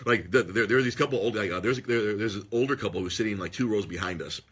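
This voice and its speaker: A podcast host telling an excitable story in casual chat, swearing freely and breaking into loud, shrieking impressions. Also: male voice, fairly low pitch, fast talker, husky. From Los Angeles area.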